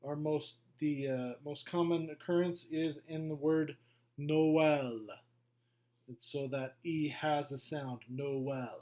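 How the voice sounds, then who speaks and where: Middle-aged guy teaching a class, kinda high voice, goes real slow and keeps saying okay. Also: fairly even intonation, warm tone. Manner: slow, patient, repeats himself with many okays. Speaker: French teacher. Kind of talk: classroom lesson walkthrough.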